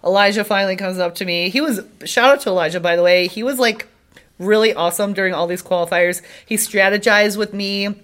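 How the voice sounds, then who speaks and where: A young woman, a podcast guest, casually telling an animated story with frequent "like" fillers. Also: medium pitch, fairly quick. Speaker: podcast guest, CrossFit athlete.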